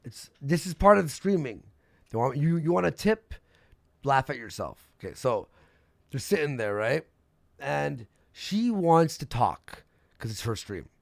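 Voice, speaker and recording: Gravelly young man rambling through gossip. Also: mid-range voice, no room sound, clean studio sound. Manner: rambling gossip storyteller, swearing, laughing. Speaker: streamer host. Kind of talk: casual livestream chat.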